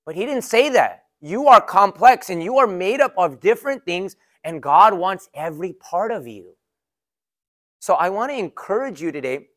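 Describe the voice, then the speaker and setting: Young male pastor, higher-pitched, relaxed conversational sermon full of rhetorical questions.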